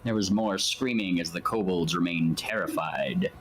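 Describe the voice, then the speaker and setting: A man's voice: sits low, normal speed, a bit bright, faint music behind. A man narrating as game master in a tabletop game stream, rambling with lots of fillers and restarts.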